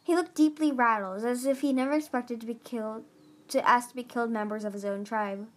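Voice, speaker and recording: A woman's voice: on the high side, fairly even intonation, fairly quick. A woman reading a novel chapter aloud, earnest, with occasional stumbles and restarts. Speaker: audiobook reader.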